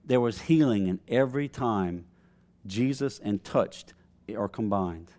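A man's voice: on the low side, a little slow, warm tone. A man in his thirties preaching a sermon, telling a family story and calling out to the congregation. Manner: storytelling with call-outs to the congregation. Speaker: pastor.

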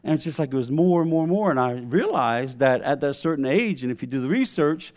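A man's voice: a little high, expressive, a little fast, darkish tone. A man in his thirties preaching a sermon, telling a family story and calling out to the congregation. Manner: storytelling with call-outs to the congregation. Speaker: pastor.

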